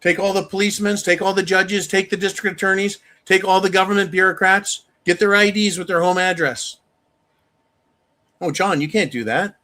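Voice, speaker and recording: A man hosting a live-stream rant, angry and profane, with sudden loud outbursts. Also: sits high, level tone, a little fast, hardly any pauses, slight background noise. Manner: angry, profane, shouting bursts. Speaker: channel host.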